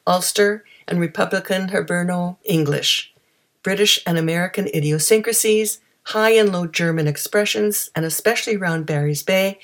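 Wry Ottawa Valley Canadian woman host. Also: on the low side. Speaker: host of a readers' theatre show. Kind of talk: scripted radio-style closing remarks.

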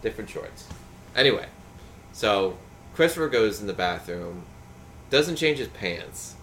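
Lively low-voiced man telling stories. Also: measured pace, slight background noise. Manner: animated storytelling, mimics voices. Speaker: podcast co-host. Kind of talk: casual chat.

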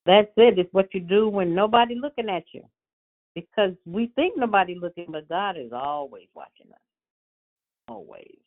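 A woman's voice: medium pitch, lively intonation, moderate pace. Woman from california hosting a prayer call, affirming, repeats things, phone-line audio. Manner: affirming, softly repeats phrases. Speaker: host of a morning prayer call.

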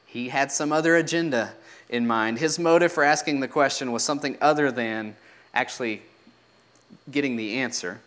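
A man's voice: mid-range voice, normal speed, fairly bright tone. A man preaching a sermon in a teaching manner, asking rhetorical questions and letting his voice drop at the ends of phrases.

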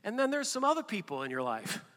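A man delivers a sermon with animated preaching that keeps surging into emphatic peaks. His voice sits a little high for a man and sounds bright and forceful. A long reverb trails every phrase, as if he is speaking in a large church. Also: fast. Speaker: pastor.

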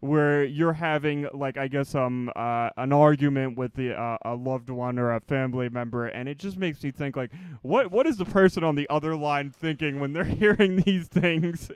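A man's voice: on the high side, normal speed, few pauses, clear, resonant tone, dry recording. A man co-hosting a comedy podcast, introducing clips in rambling casual chat full of fillers and laughs. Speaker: podcast co-host.

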